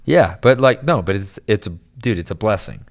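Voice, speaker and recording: A young man with a very low voice tells a story on a podcast. He talks casually and rambles, stacking fillers and retelling what people said. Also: normal speed, gravelly. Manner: rambling, animated storytelling with lots of "like" and "dude". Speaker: podcast guest.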